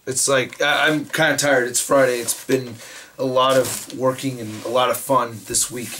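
A man with a hoarse, raspy voice, chatting excitedly and rambling as he unboxes toys for his channel. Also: medium pitch, normal speed, slight background noise. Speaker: toy reviewer. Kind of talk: casual unboxing chat.

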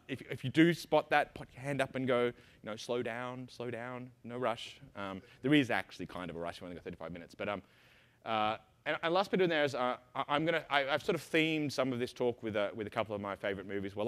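A man's voice: medium pitch, fairly bright tone, clean tone. A middle-aged man with an Australian accent giving a conference talk, rambling and full of ums and restarts. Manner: rapid, rambling, lots of ums and self-interruptions. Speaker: conference speaker. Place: conference hall stage.

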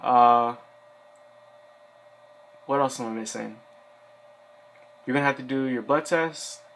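Young man, mid-pitched, seated, casual rambling vlog delivery with lots of fillers. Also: slow, a bit bright, a little hiss or hum. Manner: rambling, filler-heavy, conversational. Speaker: Air Force enlistee giving advice. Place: seated indoors.

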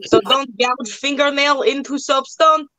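A playful young woman runs a live sale, joking along in a put-on broken-English accent. Her voice sits high and she takes her time. The sound is close and dry, with no room around it. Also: measured pace, bright, forceful tone, no room sound, poor audio. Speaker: host of a live online auction.

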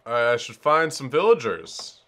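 A man chatting through his gameplay, excitable and quick to swear. His voice is bright and sharp, with lively, wide swings of pitch. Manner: excitable, swears, talks to himself. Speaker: let's player. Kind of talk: casual gameplay commentary.

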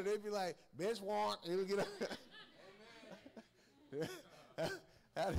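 A man preaching a sermon in a folksy way, laughing and calling out to his congregation. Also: sits high. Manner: folksy, laughing asides, calls and responses to the congregation.

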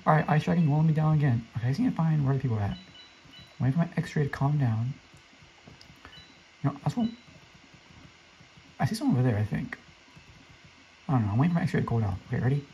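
A young man giving excitable commentary over his own gameplay as a channel host, often jumping into squeaky teasing voices. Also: gravelly, a little hiss or hum, poor audio.

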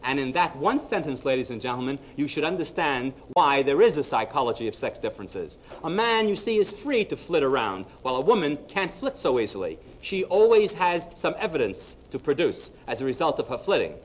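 A man's voice: mid-range voice, a little fast, few pauses, low-quality recording. A man giving a humorous lecture on psychology to a live audience, telling jokes and speaking to the audience directly. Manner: lively storyteller, punchline-driven, addresses the audience directly.

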